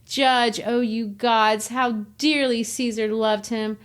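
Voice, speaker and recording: A woman voicing a scheming male Roman orator as a drawling, distressed Southern belle, in a slow, raised voice. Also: on the high side, fairly even intonation. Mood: mournful. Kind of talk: dramatic reading of play lines.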